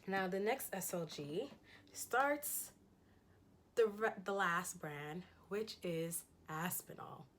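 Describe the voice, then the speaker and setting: A woman's voice: lowish voice, takes it slowly, a bit bright. A woman talking casually through a fashion haul in a chatty, enthusiastic way, with frequent ums and laughs. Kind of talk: casual haul chat showing items.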